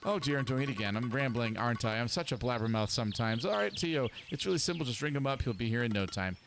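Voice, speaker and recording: A man's voice: medium pitch, animated, fast, background noise, lightly acted. A man reading the lines of a chatty, gossipy woman neighbor who rambles and cuts people off. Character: chatty, nosy woman neighbor in wine country. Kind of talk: reading game dialogue aloud.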